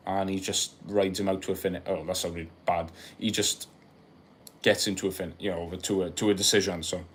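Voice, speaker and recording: A young Welsh man hosting a casual live stream, chatting and joking with viewers, laughing often and rambling through asides. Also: fairly low pitch. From Wales. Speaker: livestream host. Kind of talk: casual live-stream chat reading comments.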